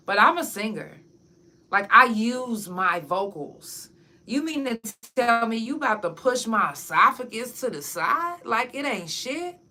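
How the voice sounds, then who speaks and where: A woman's voice: on the high side, big pitch swings, a little slow, sharp tone. A woman podcast host and singer, chatting frankly and casually with her audience, swearing freely. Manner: talks straight to her audience. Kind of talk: casual chat to camera.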